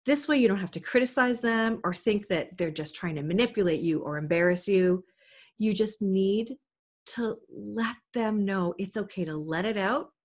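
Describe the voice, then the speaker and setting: A woman's voice: medium pitch, normal speed. A woman giving a parenting talk to camera, earnest and coaching, often asking the listener questions. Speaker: parenting educator.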